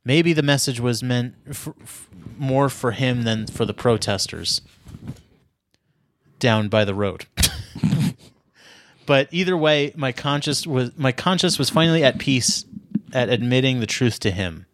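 Male podcast host, mid-pitched, doing a mock-serious read of an overwrought story; dry, close mic. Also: expressive, a little slow, long pauses, no echo. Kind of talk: dramatic reading with banter.

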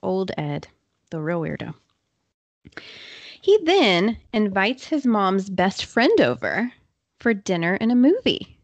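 A woman hosting a podcast, telling a true crime story in a casual, chatty way with quick asides and fillers. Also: medium pitch, sing-song, no room sound. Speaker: podcast host.

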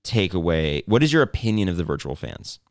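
A man's voice: low-pitched, sing-song, fairly quick, no room sound, studio quality. A man hosting a casual sports podcast, talking in a playful, rambling way. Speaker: podcast host.

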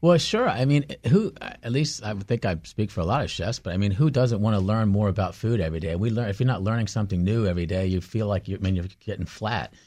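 A man's voice: fairly low pitch, lively intonation, quick pace, hardly any pauses, a little mellow. A man, a chef and guest, speaking earnestly and enthusiastically about cooking.

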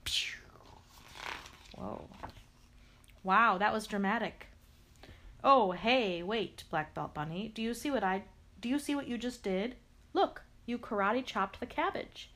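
Playfully chatting to the character and adding sound effects, a woman reads a picture book aloud in a fairly high, fairly bright voice. She takes her time.

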